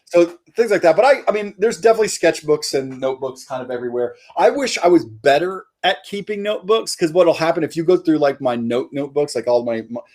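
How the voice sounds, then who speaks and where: A man's voice: fairly high pitch, animated, fast talker, few pauses, darkish tone. Rambling man in casual interview. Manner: rambling, many fillers and restarts. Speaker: comic artist guest.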